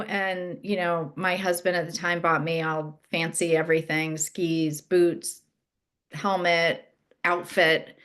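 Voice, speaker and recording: A middle-aged woman co-hosting a podcast, telling a personal story in casual chat and acting out what others said. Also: slow pace. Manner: animated storytelling, acts out quoted friends in a higher voice. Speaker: podcast co-host.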